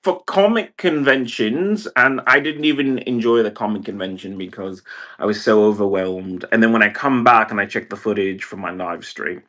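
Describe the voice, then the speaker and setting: A man's voice: lowish voice, bright, forceful tone. A man from Brazil talking in a meandering livestream monologue, packing nearly every phrase with "like" and other fillers. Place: indoor room.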